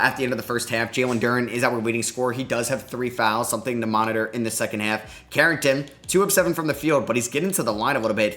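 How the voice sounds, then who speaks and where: Bright-voiced excitable young man commentating a game. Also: medium pitch. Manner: excitable, groans and cheers at plays. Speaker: gaming commentator. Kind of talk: live basketball video game commentary.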